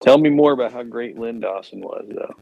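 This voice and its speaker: A man co-hosting a casual podcast, agreeable and laid-back, often chiming in with quick agreement. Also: mid-range voice, gravelly, no room sound, phone-quality sound. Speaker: podcast co-host. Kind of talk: casual chat.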